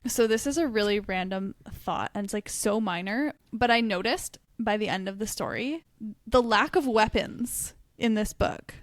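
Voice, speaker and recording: A woman's voice: mid-range voice, moderate pace, no room sound. Musing woman podcast co-host. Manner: thoughtful, musing, many fillers. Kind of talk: casual book chat.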